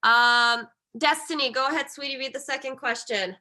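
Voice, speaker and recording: A woman teacher with a bright, fairly high voice leads a reading lesson. She repeats her instructions and checks in with the class again and again, keeping everyone on track. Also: moderate pace.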